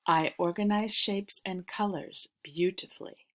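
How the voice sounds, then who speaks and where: A woman reading dictation sentences, slow and careful, repeating each one. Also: medium pitch, fairly even intonation, a bit bright. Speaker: dictation reader.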